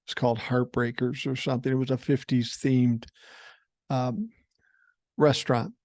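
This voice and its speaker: A man's voice: medium pitch, little pitch movement, moderate pace, a little mellow, no room sound, studio quality. A man in his sixties from Minnesota, a podcast host telling family stories in a blunt, profane, wry way. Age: 60s. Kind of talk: casual storytelling. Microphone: podcast microphone.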